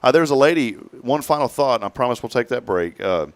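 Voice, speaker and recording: A man's voice: medium pitch, fairly quick, dry recording. A man hosting a casual talk show, telling stories and acting out the people in them. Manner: storytelling, animated when quoting people. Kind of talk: casual chat.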